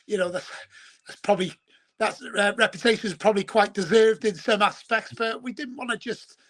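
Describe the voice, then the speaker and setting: A man's voice: high voice, steady tone, brisk, fairly bright tone. A man from Wales, chatting as a guest in a rambling, chummy way and calling the host mate. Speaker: guest, football show presenter. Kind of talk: casual chat.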